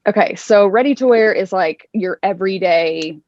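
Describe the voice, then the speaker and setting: Upbeat woman designer guest, mid pitch, muffled call audio. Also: dry recording. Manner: chatty, upbeat, quick asides. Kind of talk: interview over video call. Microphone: video call. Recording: slightly dull video call sound.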